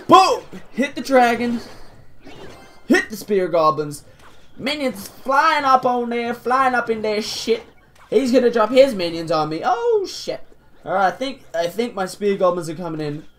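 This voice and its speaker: Excitable woman commentating gameplay. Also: a little high, slight background noise. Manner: excitable, teasing, chuckling at the opponent. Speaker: gaming video host. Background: faint game music.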